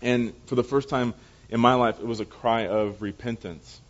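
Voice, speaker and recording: A young man preaching as a pastor, telling personal stories in a lively way and acting out the people in them. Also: mid-range voice, moderate pace. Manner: animated storyteller, acting out voices. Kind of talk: storytelling sermon. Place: church service. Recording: dull lo-fi recording.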